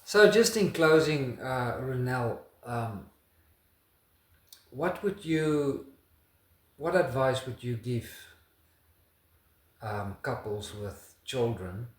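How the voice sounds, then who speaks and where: A man from South Africa hosting a casual interview, asking halting, hesitant questions. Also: medium pitch, lively intonation, echoey room. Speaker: host.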